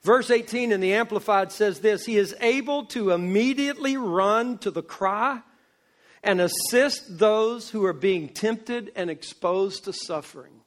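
A male pastor preaching a sermon, swinging between loud emphasis and hushed asides. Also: sits high. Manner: slow, drawn-out delivery.

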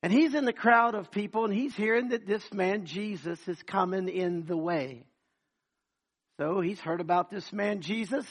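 A man's voice: high-pitched, normal speed. A man preaching a sermon, telling stories dramatically and acting out the voices.

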